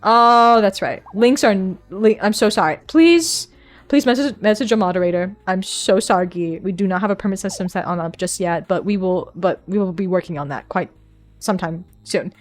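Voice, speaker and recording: A young woman VTuber chatting live with her viewers, excitable, swearing and laughing often, into a desk mic at home. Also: mid-range voice, normal speed. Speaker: VTuber streamer. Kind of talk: casual live-stream chat. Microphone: desk microphone.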